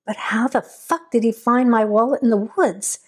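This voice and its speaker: A woman's voice: fairly high pitch, normal speed, a little mellow, breathy edge. A woman voicing a volatile, angry young man on the run, swearing and snarling as he makes demands.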